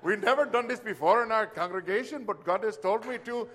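A man voicing an excited Indian church elder in a put-on Indian English accent. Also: sits high, fairly quick, voice pushed up.

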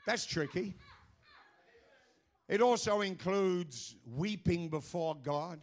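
A middle-aged man preaches with a high, ringing voice. He builds to fervent shouts strung together with drawn-out fillers. At other times he sinks into a quiet, prayerful hush. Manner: dropping to a hushed, prayerful tone. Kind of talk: sermon.

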